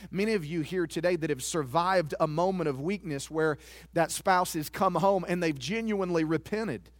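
Male pastor, high voice, earnest confessional sermon delivery, dry close recording. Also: no echo. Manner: earnest, confessional preaching with repeated words.

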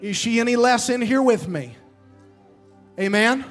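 A man delivers a sermon from the pulpit, his voice high for a man. He calls out to the congregation and drags out the lines he wants to land. Faint music plays under his words. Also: lively intonation. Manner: preaching with call-and-response, building emphasis and slowing for key lines. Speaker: pastor. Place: church sanctuary.

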